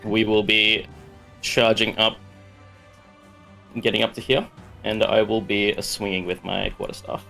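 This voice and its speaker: A man's voice: on the low side, flat delivery, measured pace, vocal fry, pauses often, bright, forceful tone. A man playing in a tabletop game, explaining his moves step by step. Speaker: player. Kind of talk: casual tabletop play. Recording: faint background music.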